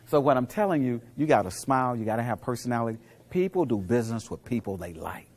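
A man's voice: very animated, normal speed, husky. Man giving a punchy motivational speech. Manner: preachy storyteller, asks the crowd questions, swings from low murmurs to loud punchlines. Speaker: motivational speaker. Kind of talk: motivational speech to a live audience.

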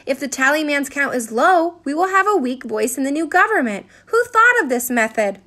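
A woman voicing an excitable frontier mother who exclaims and frets in a dramatic way. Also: high voice, normal speed. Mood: fretting.

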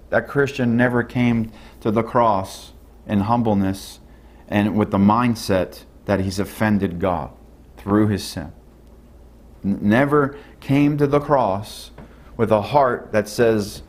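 A man preaching an earnest sermon, often repeating himself, rising to emphatic stresses and dropping to low, quiet tones.

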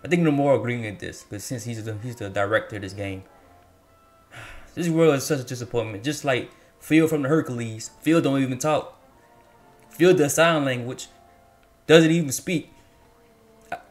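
A man's voice: medium pitch, moderate pace, pauses often, faint music behind. A man hosting a gaming channel, delivering an exasperated, profane rant over gameplay footage, repeating himself and cursing heavily. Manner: exasperated, repetitive, heavy cursing.

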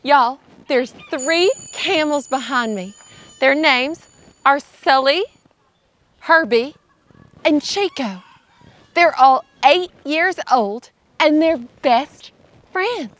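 A woman's voice: sits high, animated, takes it slowly, a bit bright. A woman hosting a children's educational show outdoors at an animal sanctuary, cheerful and sing-song, addressing viewers as y'all.

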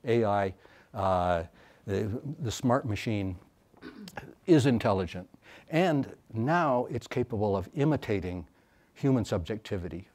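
Lecturing as a professor, this man speaks in a low-leaning, slightly mellow voice. He is thoughtful and halting, filling the talk with fillers and restarts.

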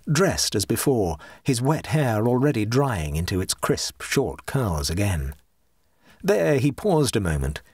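A husky-voiced man narrates a ghost story as an audiobook. His reading is measured, and his pitch moves freely through each sentence. The recording is dry and close, with no room sound. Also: no echo. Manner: measured, expressive reading that drops low for speech tags.

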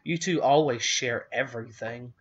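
A man's voice: mid-range voice, normal speed, husky, muffled recording, close to an everyday voice. A man voicing a mother who scolds mildly and suggests compromises, in a storybook reading. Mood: coaxing.

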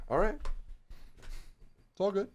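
A young man streaming a strategy game, giving casual commentary and often bursting into excited shouts. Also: extremely slow, slight background noise.

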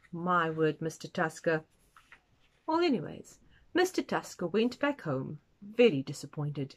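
A woman reading a children's picture book aloud, expressive and adding asides for young listeners. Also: low voice, measured pace. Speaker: storytime reader.

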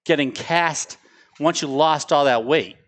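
A man's voice: fairly high pitch, measured pace. Chatty male podcast host. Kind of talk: casual chat.

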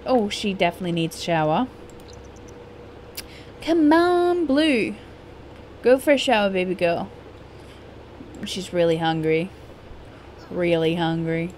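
A young woman chats her way through a life-simulation game, excitable and playfully bossy with her characters. Her voice swings widely in pitch as she talks. A faint background hiss sits under the recording. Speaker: gaming YouTuber. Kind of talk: casual gameplay commentary.

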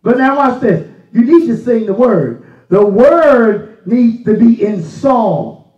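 A man with a very high voice preaches a sermon, folksy and plainspoken, rising into shouts for emphasis. He is heard from a distance in a roomy church sanctuary, and the recording sounds a little dull. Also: expressive, slow. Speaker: pastor.

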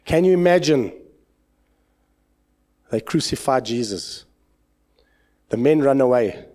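A man with a South African accent, a pastor preaching an impassioned sermon in church, swinging between loud exclamations and low asides. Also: lively intonation, slow pace.

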